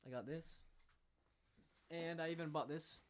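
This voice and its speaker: A man's voice: fairly high pitch, steady tone, a little slow, a little hiss or hum. A young American man streaming from home, chatting casually with viewers in a playful, rambling way and reading the chat aloud. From United States. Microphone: studio microphone.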